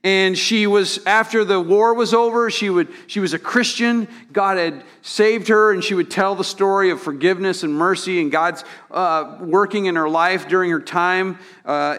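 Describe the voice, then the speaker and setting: A man preaching a sermon in an earnest, emphatic way, with sudden loud peaks and frequent restarts. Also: sits high, fairly even intonation, normal speed, hardly any pauses. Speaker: pastor.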